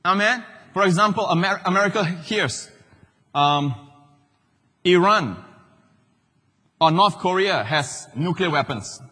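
Middle-aged man preaching, loud then hushed, slightly husky, recorded live in a big echoing church. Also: high voice, slow, long pauses. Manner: animated preaching, swings between loud and hushed. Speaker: pastor. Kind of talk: sermon. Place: large church hall. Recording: live church hall with long reverb.

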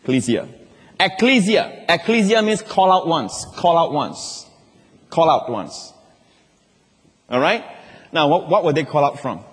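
A man's voice: on the high side, sing-song, measured pace, pauses often, slightly rough. A male pastor preaching emphatically to his church, asking the congregation questions and repeating key words. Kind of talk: sermon. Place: large church. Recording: long hall reverb.

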